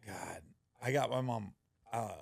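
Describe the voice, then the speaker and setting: A man hosting a podcast, telling personal stories in a casual, animated way and acting out the people in them. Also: medium pitch, unhurried, vocal fry, slightly rough, no echo, clean studio sound. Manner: animated storyteller, acts out quoted voices, laughs often. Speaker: podcast host. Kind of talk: casual storytelling chat.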